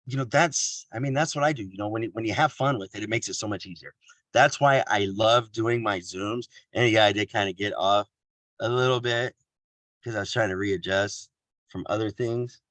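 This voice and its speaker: A man's voice: fairly low pitch, a bit bright, no room sound. A man from Kansas giving a casual motivational talk on a video call, joking at his own expense and laughing often.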